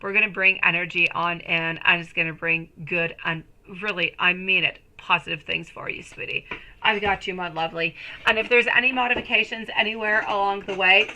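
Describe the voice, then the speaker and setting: A woman's voice: medium pitch, low-quality recording. A woman in her thirties reading tarot on a live stream, chatting affectionately with viewers and calling them sweetie and my lovely. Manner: gushing, excited bursts. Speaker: tarot reader.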